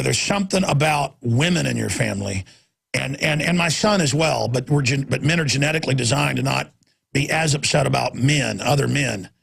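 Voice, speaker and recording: A man in his forties rants through a talk radio monologue, swinging from bursts of shouting to low, urgent tones. His voice is gravelly and husky, pitched fairly high for a man. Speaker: radio talk show host.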